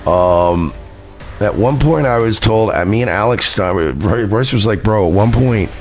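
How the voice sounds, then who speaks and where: A man's voice: lowish voice, animated, a little slow, darkish tone, soft background music. A man telling a rambling, profane story on his livestream, laughing at himself. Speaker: streamer recounting a party. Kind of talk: casual livestream chat.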